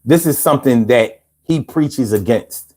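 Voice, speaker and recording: A man's voice: medium pitch, unhurried, darkish tone, husky. A man hosting a live stream, ranting casually and with lots of swearing while he talks straight to the viewers in chat. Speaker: livestream host.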